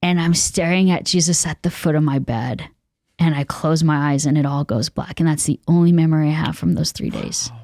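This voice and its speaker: A woman's voice: low-pitched, fairly even intonation, a little fast, darkish tone, no echo, clean studio sound. A young adult woman from Texas, a podcast guest, telling a candid personal testimony with many fillers and acted-out quotes. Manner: earnest, candid, many fillers, acts out what people said.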